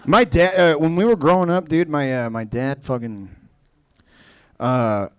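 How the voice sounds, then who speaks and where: A young man doing a stand-up comedy set in a comedy club, with a rambling, halting delivery full of fillers and restarts, putting on different voices for the people in his story. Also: on the high side. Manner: acts out other people's lines in shifting voices. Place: comedy club stage before a live audience.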